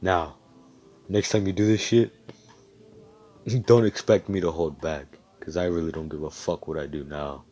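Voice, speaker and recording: A man's voice: deep voice, fairly even intonation, normal speed, long pauses, mellow. A man doing a sneering young swordsman. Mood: contemptuous. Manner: sneering, contemptuous, profane. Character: cold, taunting young male swordsman hero.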